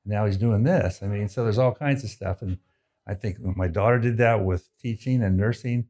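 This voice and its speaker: A middle-aged father, a podcast guest, speaking slowly and reflectively in casual chat. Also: lowish voice, a little mellow. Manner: slow, reflective, a bit halting.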